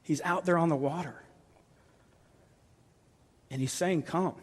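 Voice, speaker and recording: A male pastor delivers an earnest sermon in a slightly higher voice. He repeats his appeals and often drops to a soft, hushed delivery. The sound carries a long reverb from a large church hall. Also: takes it slowly, slightly rough.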